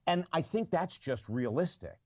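A man's voice: a little high, animated, normal speed, darkish tone, dry recording, highs cut off. A man, an author being interviewed, who tells stories with lots of energy and acts out the people he quotes. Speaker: author and guest. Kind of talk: conversational interview storytelling.

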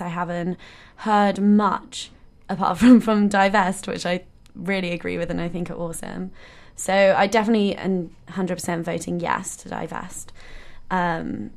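A young woman student speaks as a radio guest, earnest and enthusiastic, often breaking into light laughter. Her voice sits a little low for a woman. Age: young adult. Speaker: first-year student guest. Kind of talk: casual radio chat. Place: radio studio.

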